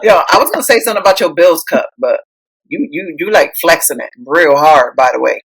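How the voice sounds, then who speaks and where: A woman's voice: low-pitched, husky, low-quality recording. A woman podcast co-host from Puerto Rico, chatting casually with slang and bits of Spanish. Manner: fast, expressive, mixes slang and Spanish.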